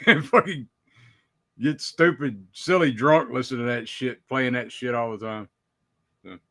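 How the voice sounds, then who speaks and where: A man's voice: medium pitch, bright, forceful tone, dry recording, clean studio sound. A man chatting as a guest on a watch party stream, blunt and heavily profane. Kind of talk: casual chat.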